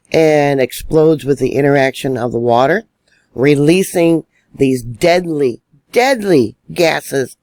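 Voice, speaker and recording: A man's voice: on the high side, darkish tone, no room sound. A man giving solo online news commentary, indignant and emphatic as he stresses warnings.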